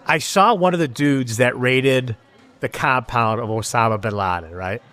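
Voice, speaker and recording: Hosting a live podcast from a neighborhood bar, an older Rochester, New York man with a Western New York accent speaks in a mid-range, sharp-toned voice at a moderate pace. He's a rambling storyteller who swears heavily, restarts often and keeps the banter profane.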